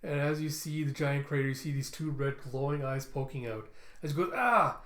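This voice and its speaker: A man's voice: medium pitch, little pitch movement, brisk, a little mellow, roomy sound. A man casually retelling a comic book story in his own words. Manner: loose retelling, chuckles now and then. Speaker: comic reviewer.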